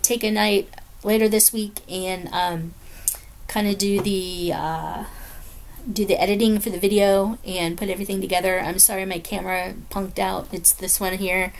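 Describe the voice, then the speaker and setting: A woman's voice: mid-range voice, level tone, moderate pace. A woman chatting casually as she unboxes a craft kit at home late at night, gushing and rambling with many ums and apologies. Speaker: crafting vlogger. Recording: noticeable background noise.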